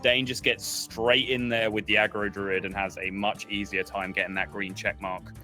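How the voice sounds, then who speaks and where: A male co-caster with a bright, forceful voice calls the card game action. He slips in dry, wry jokes between the plays. Faint music sits in the background. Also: on the low side, little pitch movement, normal speed. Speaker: esports co-caster. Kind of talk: live game commentary.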